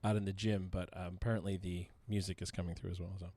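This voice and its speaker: A man in his thirties hosting a podcast, speaking haltingly with many "uh" and "um" fillers. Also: low voice, flat delivery, warm tone, slight background noise. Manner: halting, with frequent "uh" and "um". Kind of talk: casual chat.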